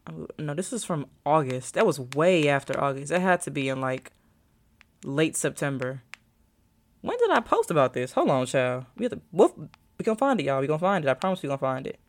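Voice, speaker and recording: A young adult college student speaks in a deep, sing-song voice, a little fast. She chats casually to her vlog viewers, rambling and thinking aloud as she searches her phone.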